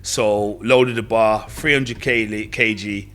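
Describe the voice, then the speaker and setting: Low-voiced man telling his comeback story. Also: drawn-out words. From Britain. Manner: animated, slangy, acts out the voices of others in his story. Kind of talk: casual personal storytelling. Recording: faint music behind voice.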